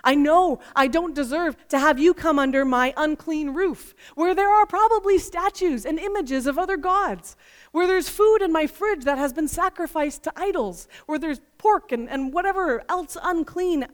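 Woman doing humble roman centurion, earnest and apologetic, high lively voice, long reverb. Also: moderate pace, lightly acted. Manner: earnest, self-deprecating confession.

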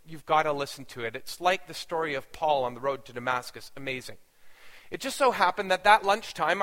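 A man's voice: high-pitched, pushed and bright, big-room sound. A man, a pastor, telling a story in a sermon in an earnest, dramatic way.

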